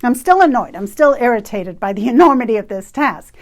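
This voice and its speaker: Animated woman in her fifties telling a story. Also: on the high side, fairly quick. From Canada. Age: 50s. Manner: animated, emphatic, with laughs. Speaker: retreat facilitator. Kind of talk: personal storytelling monologue.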